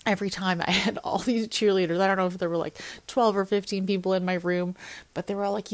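Speaking fast with a steady, medium-pitched voice and no room sound, a young woman who coaches fitness shares her birth story for a vlog. She's candid and conversational, full of filler words.

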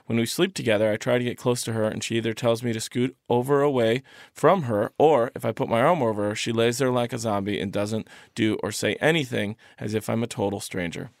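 A man's voice: mid-range voice, brisk, vocal fry, no room sound, clean studio sound. Joking man reading a listener letter. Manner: joking, reads aloud with goofy asides. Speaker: podcast co-host.

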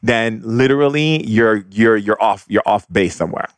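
A man speaking calmly, teaching about spirituality and leading the listener through a guided exercise. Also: fairly low pitch, normal speed, no room sound, clean studio sound. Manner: calm, instructive, leads guided exercises. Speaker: shaman guest. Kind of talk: spiritual guidance conversation.

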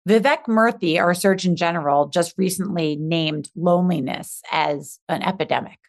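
A woman's voice: fairly low pitch, moderate pace, creaky. A woman speaking as a guest on a podcast, an accountability coach who talks with energy and emphatic repetition. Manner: energetic, emphatic, repeats key words. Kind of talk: podcast interview.

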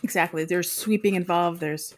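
A woman co-hosting a casual snack-tasting chat, relaxed and chatty as she describes the food while chewing. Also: on the low side, normal speed, slight background noise. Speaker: podcast co-host.

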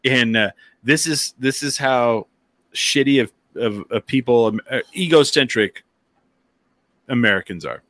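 A man hosting a podcast, telling stories in a casual, lively way and slipping into voices when he quotes people. His voice is bright and forceful, recorded close and dry. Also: medium pitch, a little slow, dry recording. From near the Texas border, eastern New Mexico. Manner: animated storyteller, does voices in quotes. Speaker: podcast host. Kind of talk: casual chat, storytelling.

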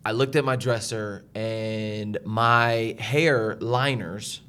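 A man's voice: lowish voice, takes it slowly, clean tone. A young man co-hosting a podcast, telling a family story in casual chat, laughing often and acting out other people's lines. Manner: animated storyteller, laughs often, acts out his wife's lines. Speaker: podcast co-host.

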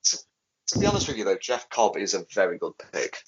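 A man's voice: fairly low pitch, sing-song, fast. A man chatting enthusiastically on a podcast, repeating himself as he starts his points. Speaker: wrestling podcast panelist. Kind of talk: casual podcast chat. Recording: lo-fi mic with faint noise.

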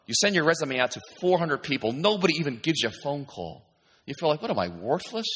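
A man's voice: fairly high pitch, very animated, fast, fairly bright tone, breathy edge. Emphatic male preacher in a reverberant hall. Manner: emphatic, repeatedly asking "do you understand?". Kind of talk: sermon.

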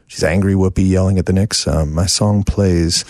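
A man's voice: low voice, steady tone, normal speed, a little mellow, no room sound, studio quality. A middle-aged man, a songwriter and producer, telling rambling, self-deprecating stories as a guest in a casual interview.

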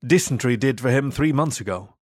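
A man's voice: medium pitch, animated, a little fast, no room sound, studio quality, natural voice. A man voicing a smug, sneering young vicar who grumbles and looks down on others in a storybook reading.

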